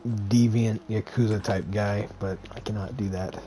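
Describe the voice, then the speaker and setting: A young man with a fairly low voice sounds worn out as he banters with his tabletop group. His humor is wry and self-deprecating. A faint hiss runs underneath. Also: steady tone, normal speed, mellow. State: tired. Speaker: tabletop player. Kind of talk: casual chat among tabletop players.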